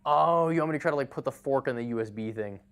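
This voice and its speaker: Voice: medium pitch, fast. A live game streamer in casual chat, greeting viewers by name and laughing easily.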